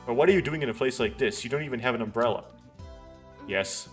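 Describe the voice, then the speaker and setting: A man's voice: mid-range voice, quick pace, faint music behind. Man reading a visual novel aloud. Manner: earnest dramatic reading with small restarts and wry asides. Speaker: let's play host.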